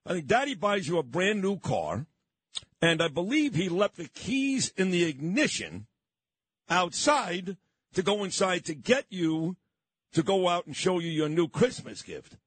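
A man's voice: high-pitched, sing-song, unhurried, breathy edge, no echo. A man, a radio host reminiscing in a sentimental, rambling way. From Brooklyn, New York. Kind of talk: reminiscing on-air chat.

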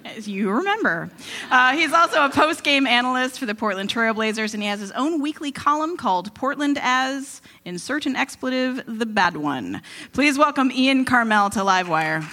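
A woman's voice: high-pitched, lively intonation, moderate pace, pushed and bright. A woman hosting a live radio show, giving an upbeat, scripted introduction of a comedian.

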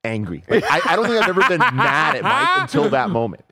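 A man co-hosting a casual podcast, excitable and emphatic, who swears when worked up. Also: high voice, quick pace. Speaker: co-host.

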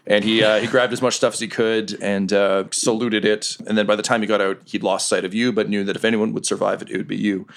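A man running a tabletop role-playing game, narrating scenes in a lively way with frequent fillers. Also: lowish voice, fast talker, gravelly, few pauses. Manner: lively storytelling with laughs and filler words. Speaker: game master.

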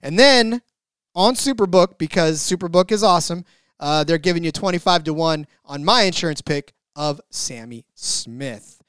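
A man co-hosting a sports betting podcast, excitable as he reads out bet lists, stammering at times. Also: a little high, normal speed, smooth, no echo, studio quality. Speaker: podcast co-host. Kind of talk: casual sports betting chat.

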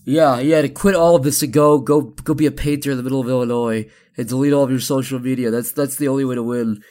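A man's voice: medium pitch, fairly even intonation, fast talker, darkish tone. A man guesting on a podcast, chatting casually and riffing in a rambling, profane, comic way. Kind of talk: casual chat.

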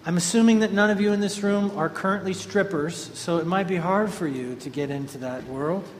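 A man delivers a sermon in a relaxed storytelling manner, his slightly raised voice carrying through a large hall with a long reverb tail. A faint room ambience sits underneath. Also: sits high, fairly quick, a little hiss or hum. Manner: storytelling, animated and conversational. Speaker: pastor.

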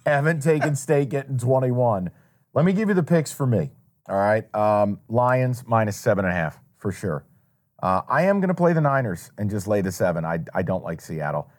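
A man's voice: lowish voice, lively intonation, moderate pace. A man hosts a sports betting show in a casual back-and-forth. He rattles off his picks and teases his co-host with dry wisecracks. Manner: wisecracking, teasing. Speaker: podcast host.

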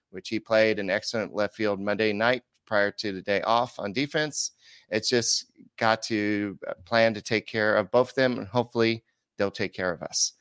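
Podcast guy, lowish smooth voice, rambly stat talk full of uhs, dry close mic. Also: steady tone, moderate pace, fairly bright tone, dry recording. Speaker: podcast host. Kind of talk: casual sports podcast chat.

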